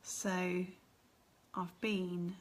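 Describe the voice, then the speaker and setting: A woman's voice: lowish voice, level tone, extremely slow, a little hiss or hum. A woman with a chatty, rambling manner, hosting a casual live stream and answering viewer comments. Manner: chatty and rambling, laughs often.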